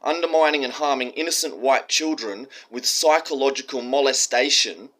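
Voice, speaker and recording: Aussie guy ranting hard, swearing a lot, sharp bright tone. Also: medium pitch, moderate pace. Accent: Australian. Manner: ranting, profane, emphatic. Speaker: commentator. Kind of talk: heated monologue.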